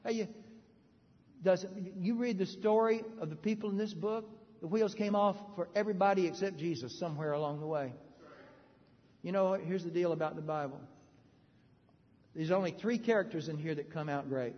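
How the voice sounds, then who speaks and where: A man preaching a sermon, animated and joking with the audience, swinging between loud bursts and hushed moments. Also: high-pitched, normal speed. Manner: joking, conversational asides to the audience. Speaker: pastor. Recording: reverberant hall, dull lo-fi sound.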